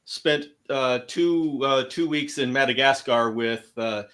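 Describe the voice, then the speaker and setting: A man from California hosting a casual video chat, speaking in a halting way with many hesitations. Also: mid-range voice, a bit bright. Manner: halting, lots of hesitations and restarts. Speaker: host.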